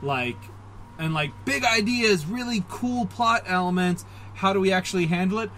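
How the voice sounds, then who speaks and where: A somewhat high-voiced man chatting on a podcast, rambling through his thoughts with plenty of fillers and self-deprecating asides. A faint hum sits under his voice. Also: normal speed, a bit bright, rough recording. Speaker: podcast co-host. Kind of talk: casual comic book discussion.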